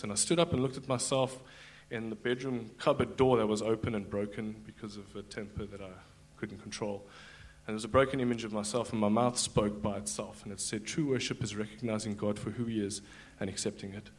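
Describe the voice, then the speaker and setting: A man telling his personal testimony in front of a church congregation, halting with many fillers and restarts. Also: mid-range voice. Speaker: guest giving a testimony.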